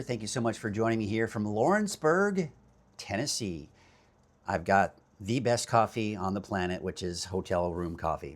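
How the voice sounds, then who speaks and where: A man's voice: on the low side, animated, moderate pace. A man working as a meteorologist, giving a casual morning weather chat from a hotel room, rambling and chatty with fillers.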